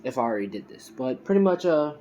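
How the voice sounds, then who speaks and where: A man's voice: mid-range voice, big pitch swings, fast, dark tone, dull audio, slight background noise. Rambling man telling a story off the cuff. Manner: rambling, heavy use of "you know" and "you could say"; self-correcting, loose and informal. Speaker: fan fiction storyteller. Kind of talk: casual improvised storytelling.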